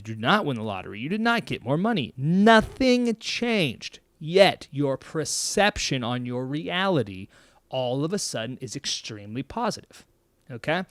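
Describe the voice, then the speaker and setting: A man hosting a mental health show, talking casually to his viewers in an energetic, emphatic way and laughing often. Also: mid-range voice, no echo, clean studio sound. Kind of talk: casual monologue to camera.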